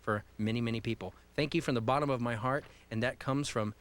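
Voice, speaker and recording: A man's voice: mid-range voice, fast talker. A man hosting a live call-in radio show, upbeat and joking as he reads a listener email and talks to a caller. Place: radio studio.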